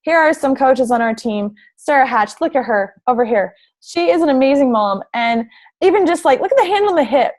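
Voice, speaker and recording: Young woman, fitness coach, talking through slides, bubbly and gushing, slightly high voice. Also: lively intonation, a little fast, darkish tone. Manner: bubbly and gushing, lots of "like" and "oh my gosh". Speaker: fitness coach presenting to prospective recruits. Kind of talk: enthusiastic presentation over slides.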